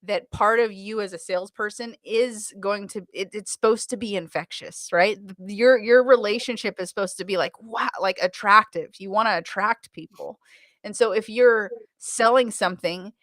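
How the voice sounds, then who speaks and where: A woman's voice: medium pitch, moderate pace, a bit bright, no echo, studio quality. An American woman in the car sales business, chatting energetically in an interview, laughing often and restarting her sentences. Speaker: automotive sales trainer, guest. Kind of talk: casual interview chat.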